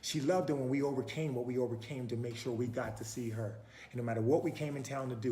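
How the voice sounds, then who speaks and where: A man giving a motivational talk in a preaching manner, pressing with repeated questions and dropping from loud urging to near-whispers. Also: mid-range voice, steady tone, quick pace, few pauses, echoey room, a little hiss or hum. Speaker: motivational speaker.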